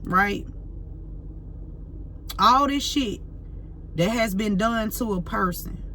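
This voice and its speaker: A woman's voice: medium pitch, slow, pushed and bright, a little hiss or hum. Fiery, profane woman ranting. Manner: profane, fiery, repeats herself, slangy. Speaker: intuitive tarot reader. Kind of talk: heated unscripted rant to camera.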